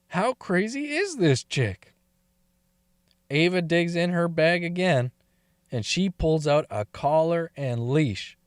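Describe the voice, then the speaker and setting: A man's voice: fairly high pitch, lively intonation, slow, clean tone, dry recording, studio quality. A man telling a story in a casual, crude way, swearing and laughing often between lines.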